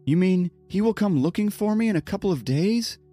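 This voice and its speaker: A man putting on a young woman's voice for an audiobook: high, strained and climbing as her hopes rise. She is anxious and excitable, pleading and shouting, with a soft spread of music underneath. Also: moderate pace, natural voice. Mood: anxious, excited.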